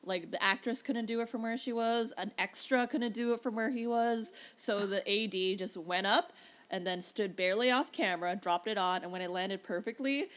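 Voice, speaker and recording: A young woman from Canada talks in a casual podcast chat. Her voice sits at an ordinary middle pitch, and her delivery is sarcastic and animated, with plenty of swearing. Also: moderate pace. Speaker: podcast co-host.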